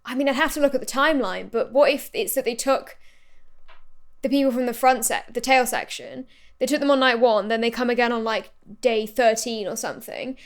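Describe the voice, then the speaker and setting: Young woman, slightly high voice, casual podcast chat, eager theorizing. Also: a little fast. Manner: chatty, theorizing, lively bursts. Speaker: podcast co-host.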